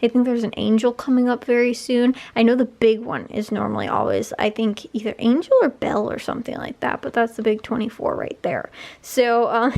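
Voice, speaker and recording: A woman's voice: a little high, moderate pace, creaky. A young woman chatting casually in a home vlog, rambling with lots of fillers and repeats. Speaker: vlogger. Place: home at night.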